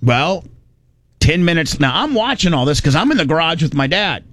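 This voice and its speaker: A man's voice: on the high side, sing-song, normal speed, fairly bright tone, no echo. Folksy rambling man from Indiana. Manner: folksy, rambling, with frequent restarts. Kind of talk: casual storytelling.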